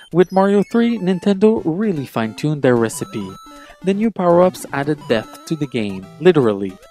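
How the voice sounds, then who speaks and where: A man narrates a scripted countdown with a lively, swooping pitch and a mellow, warm tone. He sounds enthusiastic and nostalgic. Faint music plays under his voice. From Quebec, Canada. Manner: enthusiastic and nostalgic, talks fondly of childhood games. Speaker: video game reviewer.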